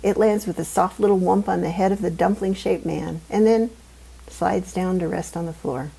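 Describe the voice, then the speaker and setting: Husky-voiced woman narrating wryly. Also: on the low side, normal speed, rough recording. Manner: wry, deadpan humor. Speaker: audiobook narrator. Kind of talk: first-person scripted narration.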